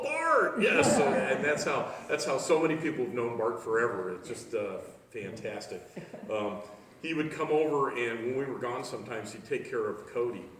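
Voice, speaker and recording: Man, memorial speaker, halting with fillers, heard echoey and from far off. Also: medium pitch. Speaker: eulogy speaker. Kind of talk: memorial remarks. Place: outdoor memorial service. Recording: echoey hall from far off, faint noise.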